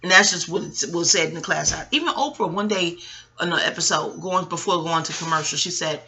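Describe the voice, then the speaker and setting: A woman's voice: fairly low pitch, a little fast, bright, forceful tone. A woman podcast host and astrologer talking in a rambling, digressive chat, swearing freely. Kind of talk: casual chat.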